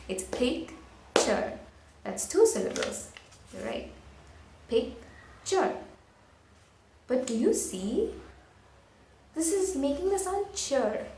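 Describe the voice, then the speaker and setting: A woman's voice: high voice, a little mellow. A woman teacher giving a spelling lesson for children, patiently explaining and sounding out words syllable by syllable. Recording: echoey room with faint noise.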